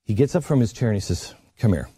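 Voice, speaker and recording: A middle-aged man tells a personal story in an earnest, emotional way, his dark, husky voice rising and falling widely. He acts out the voices of the people he quotes, and the dry recording has almost no room sound. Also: mid-range voice, animated, fast talker, dry recording. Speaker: broadcast host telling a personal story. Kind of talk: storytelling monologue.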